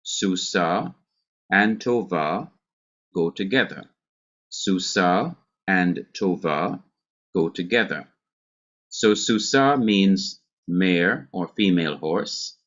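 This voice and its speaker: A man with a Jamaican accent teaching a Hebrew grammar class, speaking deliberately and repeating key words. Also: low-pitched, a bit bright, muffled recording.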